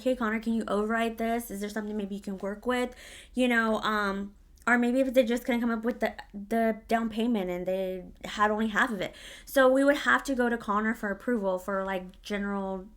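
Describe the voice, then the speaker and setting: A woman's voice: fairly high pitch, a bit bright. A woman telling a storytime to her vlog audience in a casual, blunt way, swearing freely.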